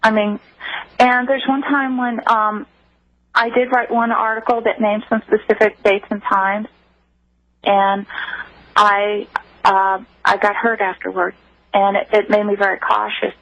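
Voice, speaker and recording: A woman's voice: medium pitch, little pitch movement, measured pace, a bit bright, no room sound. A woman guest on a radio call-in show, telling a personal story in an earnest, emotional way over a dull phone line. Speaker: interview guest.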